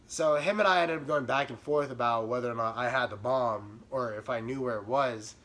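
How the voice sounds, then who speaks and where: A young man telling a comic storytime about himself in an animated, self-mocking way. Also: medium pitch, a little fast. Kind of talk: comedic storytime.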